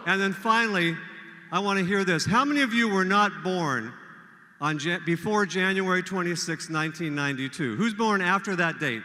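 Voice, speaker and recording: Energetic emcee man rallying a crowd. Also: high-pitched, moderate pace, a little hiss or hum. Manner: energetic, leads call-and-response cheers. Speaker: event emcee. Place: large hall with a crowd. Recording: echoey hall.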